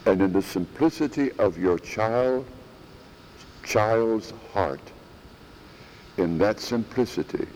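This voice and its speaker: A man preaching a sermon in a church, slow and emphatic, repeating phrases for stress. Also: lowish voice, lively intonation, a little mellow, in a large hall, a little hiss or hum, low-quality recording.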